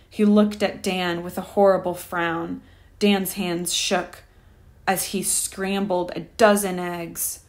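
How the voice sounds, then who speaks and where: A woman reading a rhyming children's picture book aloud with a lively, rhythmic delivery. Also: fairly low pitch. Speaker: storyteller.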